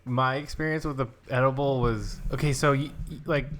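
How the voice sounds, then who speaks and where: A man's voice: mid-range voice, steady tone, brisk, a bit bright, a little hiss or hum. A young man co-hosts a casual podcast, telling stories in a loose, rambling way. He leans on filler words and jumps between thoughts. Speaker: podcast co-host. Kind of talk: casual chat.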